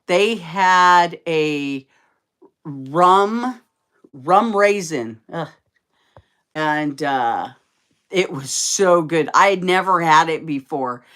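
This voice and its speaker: A woman hosting a casual livestream from home, chatting in a rambling, easygoing way and cooing at her dogs in a high baby-talk voice. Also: lively intonation, extremely slow, pauses often, fairly bright tone. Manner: chatty and rambling, with fillers and laughs. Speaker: livestream host. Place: at home indoors.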